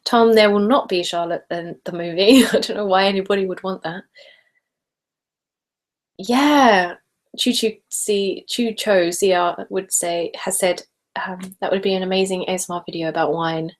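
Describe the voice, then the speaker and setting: A woman's voice: mid-range voice, fairly even intonation, moderate pace. Chatty British woman reading comments. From Britain. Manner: chatty, reads comments aloud, drifts between soft talk and whispers. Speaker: ASMR channel host. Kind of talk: casual live-stream chat reading viewer comments. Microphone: stereo handheld recorder.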